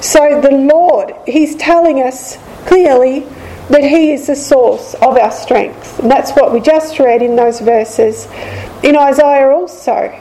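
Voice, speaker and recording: A woman teaching from the Bible, speaking slowly and deliberately and repeating key lines of scripture. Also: high-pitched, mellow, a little hiss or hum, low-quality recording. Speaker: preacher.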